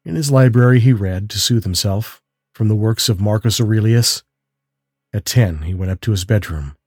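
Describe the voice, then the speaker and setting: A man who hosts a story show, reading a calm mystery tale aloud at a measured, steady pace. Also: on the low side, breathy edge, dry recording, studio quality. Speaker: narrator and host of a story show. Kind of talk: calm audiobook story narration.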